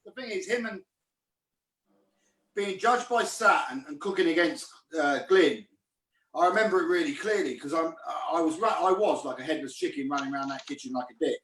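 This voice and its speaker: A man's voice: a little high, lively intonation, a little fast, fairly bright tone. A man, a chef, telling kitchen stories on a video call, swearing freely and laughing as he talks. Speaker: guest chef. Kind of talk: casual storytelling on a video call. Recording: echoey room, far from the mic.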